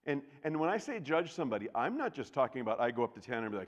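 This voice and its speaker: A man preaching a sermon as pastor, talking casually with the congregation and swinging from loud bursts to hushed, near-whispered lines. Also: medium pitch, big pitch swings, rapid-fire, few pauses, dull audio. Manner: conversational, with restarts and asides to the congregation. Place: church sanctuary. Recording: long reverb of a large church hall.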